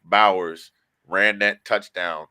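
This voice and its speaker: Deep and smooth, this man's voice moves at a slow pace with no room sound. As a sports podcast host, he's an animated, emotional storyteller chatting casually.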